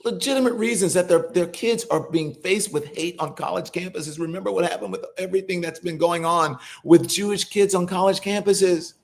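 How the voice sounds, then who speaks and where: A man's voice: high-pitched, a little fast, vocal fry, hardly any pauses. A middle-aged man hosting a live political commentary show, scolding and incredulous, swearing freely as he argues. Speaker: host.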